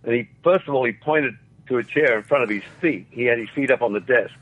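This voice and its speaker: A man's voice: medium pitch, fast, husky. An older man from Australia with an Australian accent, telling rambling anecdotes as an interview guest and acting out quoted voices. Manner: rambling, chuckling, acts out quotes. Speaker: interview guest, former actor. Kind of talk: anecdotal storytelling. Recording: phone-like radio line.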